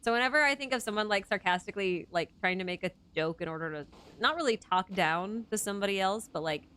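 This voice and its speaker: A woman's voice: mid-range voice, animated, quick pace, sharp tone, smooth. A young adult woman hosting a casual chat, rambling and interrupting herself, often laughing mid-sentence. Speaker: host.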